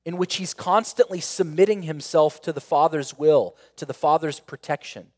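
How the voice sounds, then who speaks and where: A man's voice: a little high, moderate pace. Earnest male pastor preaching in a reverberant hall. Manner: earnest, rises to emphatic peaks then drops quiet and intimate; repeats phrases and asks rhetorical questions. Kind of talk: sermon.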